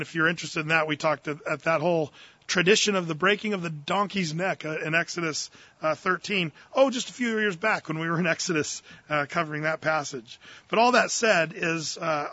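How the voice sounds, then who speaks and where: A man's voice: sits high, sharp tone, no echo, highs cut off. A man preaching a verse-by-verse sermon in a folksy, earnest way, with casual fillers and slang. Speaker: pastor.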